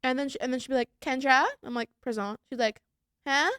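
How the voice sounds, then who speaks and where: A woman's voice: fairly high pitch, fairly even intonation, racing, smooth, no room sound, clean studio sound. A young woman from Florida, co-hosting a podcast in casual, rambling chat. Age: young adult. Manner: chatty, rambling storyteller. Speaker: podcast co-host.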